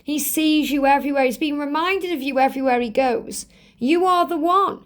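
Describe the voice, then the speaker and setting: A woman hosting a spiritual tarot card reading, speaking in an earnest, gently emphatic way and often repeating her phrases. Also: high-pitched, normal speed. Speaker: tarot reader.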